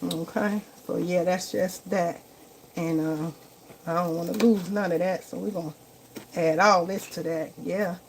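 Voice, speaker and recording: A woman's voice: lowish voice, fairly even intonation, unhurried, poor audio. A woman hosting a casual live cooking vlog in her home kitchen, chatting to viewers and calling them y'all and baby. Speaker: home cook and vlogger. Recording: kitchen recording with loud sizzling noise. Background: frying and sizzling in the pan.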